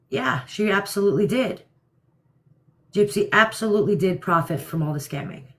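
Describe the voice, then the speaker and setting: A woman from New Jersey with a New York-area accent, hosting a casual livestream and answering viewer comments in a blunt, opinionated way. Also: on the low side. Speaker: livestream host.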